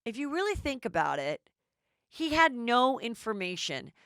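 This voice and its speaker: A middle-aged woman hosting a podcast, recapping reality TV in a chatty, animated way. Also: a little high, normal speed, no room sound, studio quality. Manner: chatty, animated, does voices. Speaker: podcast host.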